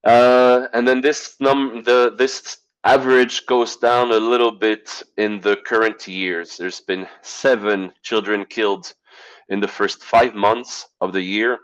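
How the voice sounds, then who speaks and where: A man giving an online presentation over a video call, halting with fillers and clearing his throat as he loses his voice. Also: on the low side, steady tone, rough recording. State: losing his voice.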